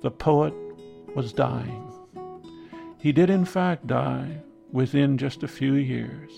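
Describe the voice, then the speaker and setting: An older man tells a reflective personal story in a deeply gravelly, fry-laden voice. He speaks slowly and deliberately, with a faint guitar playing underneath. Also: steady tone, mellow. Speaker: narrator. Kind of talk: reflective personal essay narration.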